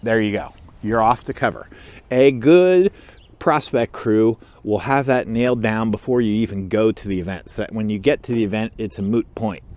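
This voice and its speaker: A man hosting his own channel, telling a story in a casual, animated way and acting out the other people in it. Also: on the low side, normal speed. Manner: animated storyteller who acts out quotes and chuckles. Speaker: motorcycle club officer and channel host.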